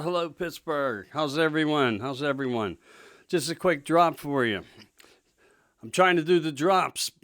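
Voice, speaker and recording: A man's voice: on the high side, fairly bright tone. A male host giving an emphatic, indignant political monologue, repeating himself for emphasis. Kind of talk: political talk show monologue.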